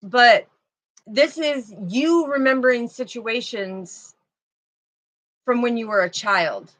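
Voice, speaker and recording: A woman with a slightly high voice reads oracle cards live for her online viewers. She speaks slowly and meanders from point to point in a casual, chatty way, talking to them as if they were right there. Her delivery is unhurried and personal. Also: fairly bright tone, rough recording. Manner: slow, meandering, chatty, talks to viewers and a fly. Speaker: spiritual card reader. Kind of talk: live oracle card reading.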